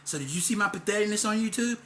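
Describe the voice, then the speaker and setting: A man rants to the camera in a rambling, angry monologue full of swearing. His voice is bright and forceful. A faint hum of ambience sits behind him. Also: sits high, fast talker, roomy sound. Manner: loud and heated in the second half. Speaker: vlogger. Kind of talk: ranting monologue.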